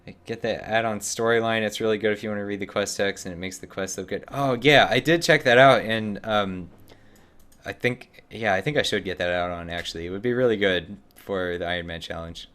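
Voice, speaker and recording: A young man talks his viewers through a game in a loose, joking stream chat, his voice sitting a little low. He keeps it chatty and relaxed, now and then slipping into a playful put-on accent for the characters he meets. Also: a little fast, smooth. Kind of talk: casual live-stream gameplay chat.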